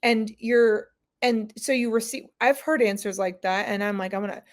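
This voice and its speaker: A woman's voice: a little high, normal speed. A woman guest on a podcast, chatting casually and telling anecdotes that quote other people. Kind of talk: casual conversational interview.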